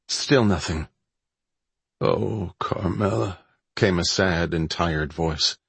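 A man narrates an audiobook in a measured, storytelling way. His voice is very deep and husky, recorded close and dry. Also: no echo. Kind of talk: scripted narration.

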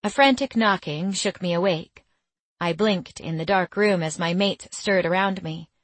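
A woman giving scripted first-person audiobook narration in a measured, intimate storytelling manner. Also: lowish voice, no echo.

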